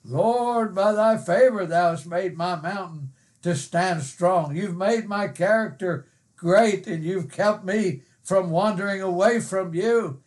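Slow, high-voiced earnest preacher man. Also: a little mellow. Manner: earnest, emphatic, with frequent "uh" pauses; quotes scripture in old-fashioned wording. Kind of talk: sermon.

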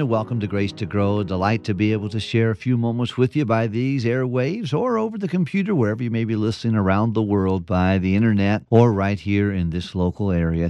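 A man's voice: fairly low pitch, a little mellow, dry recording. A man pastor giving a folksy radio devotional, telling jokes and stories with chuckles and restarts.

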